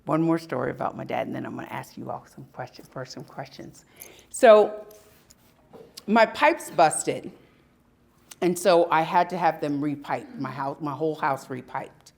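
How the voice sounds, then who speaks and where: A woman giving a live talk at an expo, telling personal stories with emphatic, dramatic pauses. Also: low voice, expressive, creaky, a little mellow. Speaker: speaker at a spirituality expo. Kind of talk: live storytelling talk to an audience.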